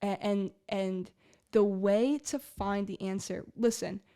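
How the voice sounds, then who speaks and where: A woman's voice: medium pitch, fairly even intonation, slow pace, warm tone, clear, resonant tone. Earnest rambling young woman sharing testimony. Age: 20s. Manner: earnest, rambling, heavy use of "like". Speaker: faith podcast host. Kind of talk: casual personal testimony.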